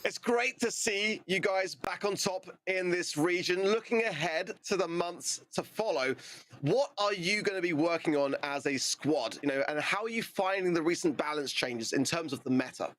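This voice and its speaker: Upbeat British esports host. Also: male voice, sits high, normal speed, fairly bright tone, no room sound. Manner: upbeat, jokey, chatty. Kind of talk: broadcast esports presenting.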